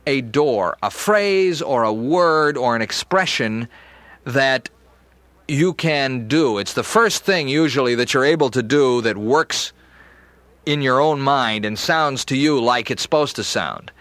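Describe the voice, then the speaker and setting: A man giving an instructional talk on doing voice impressions, measured and reflective. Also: mid-range voice, a bit bright, dry recording. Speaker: voice and impressions teacher.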